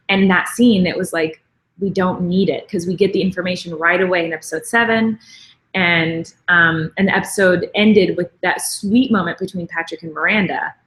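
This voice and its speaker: Woman, casual live-stream chat, gushing and chatty, slightly low voice, roomy echo. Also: fairly even intonation, normal speed, fairly bright tone. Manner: gushing, chatty, many fillers. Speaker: vlogger and show creator.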